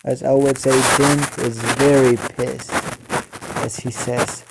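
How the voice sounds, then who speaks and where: Halting man narrating a fan story. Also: mid-range voice, level tone, gravelly, noisy background. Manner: halting, many filler sounds.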